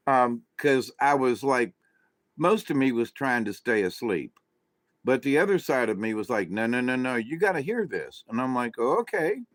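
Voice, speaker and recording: A man's voice: medium pitch, a bit bright, no echo. A man hosting his own spiritual channel, telling a story in a loose, rambling way with restarts and asides to his viewers. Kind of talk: casual storytelling monologue.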